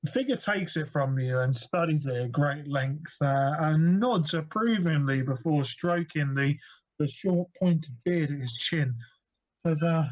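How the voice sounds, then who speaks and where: High-voiced guy running a tabletop game, wry narration, kinda dull lo-fi sound. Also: lively intonation, unhurried, a little mellow. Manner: descriptive, wry narration with fillers. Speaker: game master. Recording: dull lo-fi audio.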